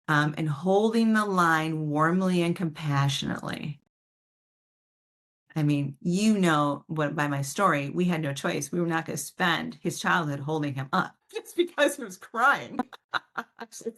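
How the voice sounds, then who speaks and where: Woman speaking warmly on a video call. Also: fairly low pitch, animated, moderate pace. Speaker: parent educator, guest speaker. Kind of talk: casual talk answering parent questions.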